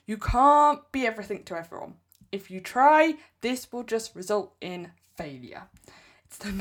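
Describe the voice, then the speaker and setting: Emphatic English woman podcaster. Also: medium pitch. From England. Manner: direct, emphatic coaching tone. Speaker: podcast host. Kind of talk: solo podcast advice.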